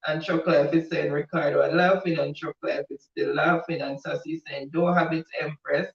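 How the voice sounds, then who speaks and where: A man's voice: on the high side, steady tone, moderate pace, creaky. Laughing man reading chat. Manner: laughing often, reads comments with a Caribbean lilt. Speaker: co-host reading live chat. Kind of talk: casual chat reading comments aloud. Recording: echoey, distant, dull audio.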